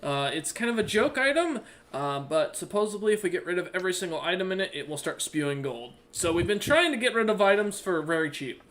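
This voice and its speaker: Man doing a fussy, courteous young dwarf shopkeeper, pitched a bit high, for a tabletop game. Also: animated, a little fast, fairly bright tone.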